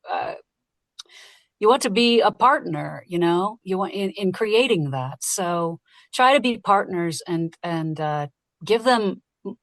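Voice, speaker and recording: Chatty woman narrator, lower voice, dry sound. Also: no echo. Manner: lively, chatty, quick to laugh. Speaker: audiobook narrator. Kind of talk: casual interview chat.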